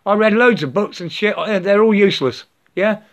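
A man rambling in a spiritual monologue, stammering and repeating words, sometimes breaking into slow chanted nonsense syllables. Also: sits high. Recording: slightly dull lo-fi recording.

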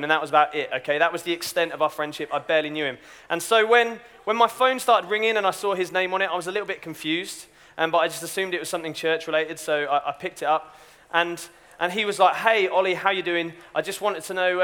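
A man's voice: high-pitched, pushed and bright, clean tone. A young man giving a chatty, self-deprecating youth talk with a story. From Britain. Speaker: youth speaker.

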